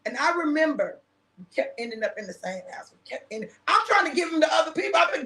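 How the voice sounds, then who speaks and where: A woman's voice: sits high, big pitch swings, quick pace, pushed and bright, roomy sound, slight background noise. A woman minister hosting a casual chat, telling a personal story with laughter and acting out the quoted dialogue. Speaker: minister and show host.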